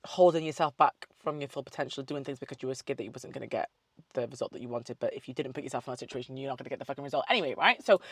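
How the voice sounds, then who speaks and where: A woman's voice: low-pitched, fast talker, no echo, clean studio sound. A young woman, chatting casually to camera, swearing freely and wandering off on tangents. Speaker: vlogger. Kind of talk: casual chat.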